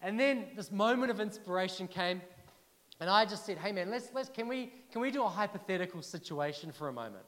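A man preaching a sermon, telling personal stories in a chatty, animated way and asking the listeners questions. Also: sits high, a little fast, in a large hall. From New Zealand.

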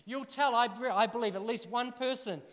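Chatty New preacher, high voice. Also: male voice, moderate pace, long reverb tail. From New Zealand. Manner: animated, chatty, asks the crowd questions. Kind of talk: sermon with personal stories.

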